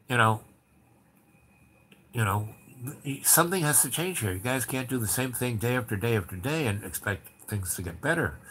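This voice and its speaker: A man's voice: medium pitch, a bit bright. Rambling male storyteller. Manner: rambling, many fillers and restarts, acts out dialogue. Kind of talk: casual spoken storytelling.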